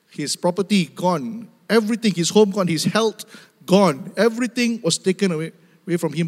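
High-voiced preacher in a reverberant hall. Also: male voice. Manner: emphatic, repetitive, addresses the church directly, laughs often. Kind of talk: sermon. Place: church hall.

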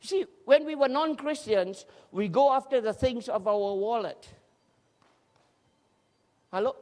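A man preaching a lively, humorous sermon in a large church hall, joking with the congregation and urging them to respond. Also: very high-pitched, unhurried. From Scotland. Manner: energetic, jokey, urges the crowd to respond. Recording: long hall reverb in a church.

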